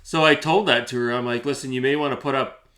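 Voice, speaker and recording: A man's voice: medium pitch, steady tone, fast, fairly bright tone. A man hosting his own channel, telling a story to camera in a chatty way, with many fillers and restarts. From Canada. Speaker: gaming channel host.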